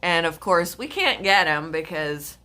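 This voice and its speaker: Slow-talking woman with a bright voice. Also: fairly low pitch, animated. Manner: chatty, talks to her pets and to chat viewers. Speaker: live-stream host. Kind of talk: casual live-stream chat.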